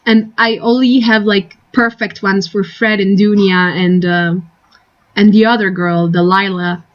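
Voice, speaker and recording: A woman's voice: medium pitch, steady tone, measured pace. Young woman, live-stream chat, giggly, rambling, tangents, dull lo-fi mic.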